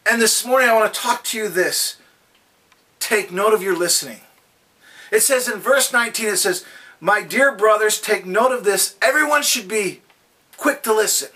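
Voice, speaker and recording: A man's voice: high-pitched, normal speed, pushed and bright, distant mic. A man giving a daily devotional talk and telling folksy stories. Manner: folksy anecdotal storytelling. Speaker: devotional speaker.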